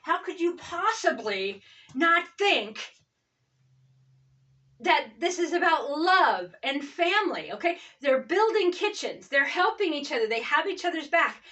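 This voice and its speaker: A woman pastor in her forties delivering an impassioned, rambling sermon, peppering it with "okay?" and swinging between loud outbursts and low asides. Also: big pitch swings, unhurried. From United States. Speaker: all-faith pastor. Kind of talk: ranting sermon-style talk.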